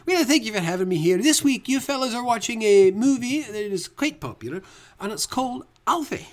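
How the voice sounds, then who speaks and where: A man's voice: very high voice, sing-song, fairly quick. A man improvising a dead Scottish narrator's ghost in a comedy podcast bit, folksy and rambling with a Scottish accent that thickens as the figure drinks whiskey and turns foul-mouthed. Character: dead, boozy old Scottish male narrator ghost, folksy turning mean.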